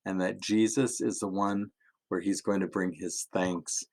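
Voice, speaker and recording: A male pastor with a fairly low voice tells stories in a lively, playful manner. He laughs often as he talks, keeping it light and friendly for a young audience. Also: a little slow. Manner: animated, laughing, playful storyteller. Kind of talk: children's sermon storytelling.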